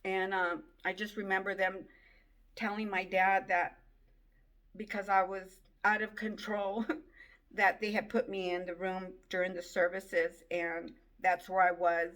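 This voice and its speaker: Woman, mid pitch, slow, halting and tearful, telling her own testimony. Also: flat delivery, fairly bright tone. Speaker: person giving a personal testimony. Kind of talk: emotional personal testimony.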